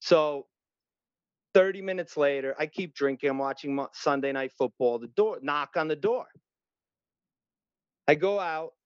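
A middle-aged man, telling a story in an animated, profane way and acting out other voices. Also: on the high side, measured pace, pauses often, smooth, no echo, highs cut off. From Long Island, New York. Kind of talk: casual storytelling.

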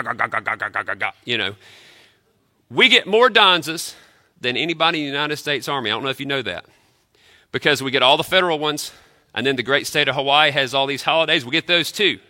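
Bright animated preaching man in a chapel. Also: medium pitch, in a large hall. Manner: animated, joking, acts out grumbling sounds. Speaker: military chaplain. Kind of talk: sermon.

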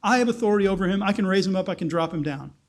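A man's voice: sits high, animated, very fast. A man speaking as God in a Bible retelling, firm and insistent, with a string of rhetorical questions. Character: God, a patient, firm all-powerful male deity.

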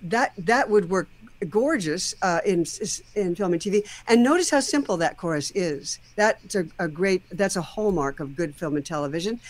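Song-critique host: casual, thoughtful, explains at length, medium pitch, sings lyric snippets to make a point. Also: expressive, moderate pace.

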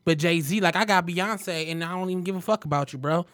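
A co-host, arguing in fast, slangy casual chat. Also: mid-range voice, fairly bright tone. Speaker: podcast co-host.

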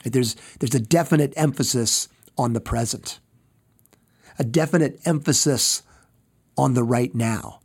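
Slow talking pastor guy giving a sermon, kinda husky, drops quiet at the end of lines. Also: medium pitch. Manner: slow, deliberate, repeats phrases for emphasis.

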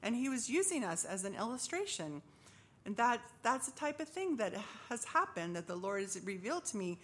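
A woman's voice: on the high side, sing-song, moderate pace. A middle-aged woman giving a personal testimony at church, telling her story earnestly and acting out the voices of the people in it.

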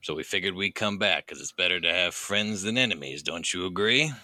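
A man's voice: sits low, fairly quick, sharp tone, dry recording. A man playing a persuasive, easygoing male adventurer in a tabletop game.

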